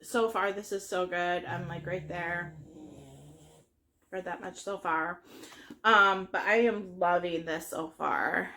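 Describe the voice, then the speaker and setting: A woman talking about her reading in a casual book vlog, earnest and halting, with many fillers and restarts. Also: fairly low pitch, fairly even intonation, bright, forceful tone. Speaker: book vlogger. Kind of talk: casual book review chat.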